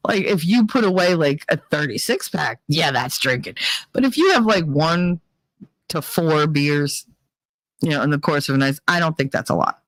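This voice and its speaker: Animated chatty woman telling stories. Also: sits low, moderate pace, no echo. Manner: chatty and animated, swearing, laughing, squealing acted-out quotes. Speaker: podcast host. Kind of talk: casual storytelling monologue.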